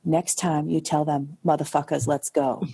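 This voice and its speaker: A woman's voice: low voice, level tone, normal speed, vocal fry, mellow, husky, no room sound, full character voice, rough recording. A woman quoting an easygoing older male jazz musician who coaxes a young dancer and talks bluntly. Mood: coaxing. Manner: coaxing, blunt.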